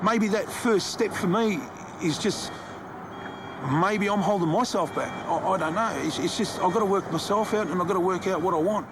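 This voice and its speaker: A man's voice: high-pitched, normal speed, noisy background. A man with an Australian accent, a wrestler talking earnestly and a little hesitantly in a documentary interview. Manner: earnest, hesitant, musing talk.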